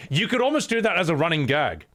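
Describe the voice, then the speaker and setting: A male game streamer rambles through live reactions, laughing often and swearing freely. His voice sits a bit high and swings with lively, animated inflection. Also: fast talker.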